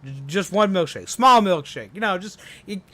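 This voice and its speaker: A man's voice: high-pitched, animated, normal speed, fairly bright tone. A man voicing a pushy, cheerful male duck who keeps begging for a milkshake in a chummy, wheedling way.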